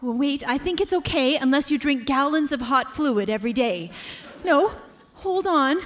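A young woman acting a frantic mother in a comedy sketch, dithering and muttering to herself until she shouts. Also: sits high, expressive, moderate pace.

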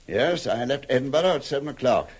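An actor playing a tired, sleepless police inspector who gives clipped orders, in an old radio drama. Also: male voice, mid-range voice, animated, a little fast, breathy edge. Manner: clipped, weary, commanding. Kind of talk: 1950s radio drama acting.

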